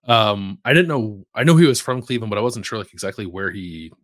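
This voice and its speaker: Man in his thirties, podcast co-host, sick, sore throat, low voice, dry close sound, hesitant. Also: lively intonation, fast talker, no echo. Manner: hesitant, lots of likes and ums, trailing off quietly. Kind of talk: casual chat.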